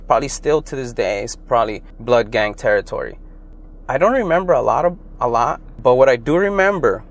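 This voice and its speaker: A young adult man from Los Angeles, hosting his own podcast and telling childhood stories in a loose, rambling way that gets animated when he quotes people. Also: medium pitch. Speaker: podcast host. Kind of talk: casual solo storytelling.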